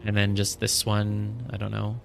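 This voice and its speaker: A man's voice: fairly low pitch, monotone, unhurried, creaky, music in the background. Man thinking aloud over a puzzle game. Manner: thinks aloud, counts squares, scolds himself over mistakes. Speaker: streamer playing a puzzle game. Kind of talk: casual live gameplay commentary.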